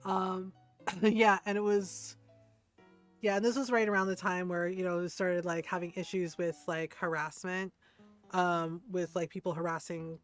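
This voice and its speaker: Her voice is on the low side, level and unhurried, as this female streamer talks casually during a game. She rambles, leans on fillers, and keeps tossing in "right?" over quiet background music.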